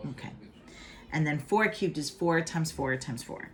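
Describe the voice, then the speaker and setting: In a low, animated voice that runs a little slow, a middle-aged woman explains math step by step in a casual home video. She's playful and chatty, tossing out hype catchphrases, with slight background noise present.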